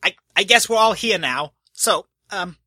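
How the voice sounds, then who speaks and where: A fussy, anxious official stammers through his grand announcement, his voice pitched high and sharp, as a man acts him out. The sound is dry and close. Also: animated, measured pace, dry recording, exaggerated voice. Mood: nervous, announcing. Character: nervous fussy male estate official reading a will.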